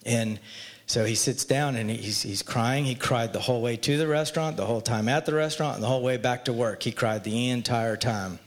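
Speaking briskly, an earnest man recounts his own faith journey in a laid-back, conversational style. His voice rests at a typical mid pitch, and the recording echoes with long reverb like a large hall.

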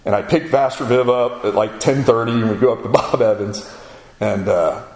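Here a man with a medium-pitched, slightly dark voice talks at a normal speed. He recounts his personal testimony as a story, voicing both sides of conversations through "I go" and "he goes," in a room with noticeable echo and faint ambience.

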